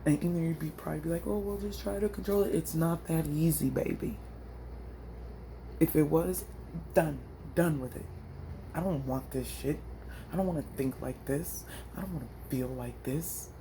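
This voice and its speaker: A woman's voice: sits low, steady tone, normal speed, warm tone, a little hiss or hum. A woman vlogger venting into her phone, frustrated and blunt, with slangy, profane talk. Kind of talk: emotional personal vent.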